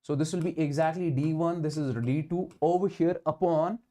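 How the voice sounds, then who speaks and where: This online physics lecture for exam candidates is led by an Indian man whose voice is fairly high yet dark in tone, at a moderate pace. He presses students to track each step, stressing and repeating important phrases, and weaves Hindi words into English as he works problems.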